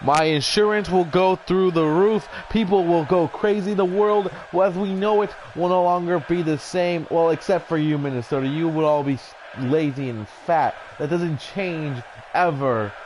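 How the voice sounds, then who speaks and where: A man voicing a vain, arrogant male wrestling champion who cuts a taunting promo over a video game, pompous and now and then shouting. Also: fairly high pitch, normal speed, few pauses, a little hiss or hum, close to an everyday voice, rough recording. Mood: smug insulting.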